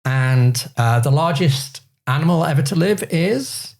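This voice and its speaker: A man's voice: fairly high pitch, expressive, a little slow. A man hosting a casual panel chat, reading out facts and figures in an upbeat presenter's way. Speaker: quiz show host.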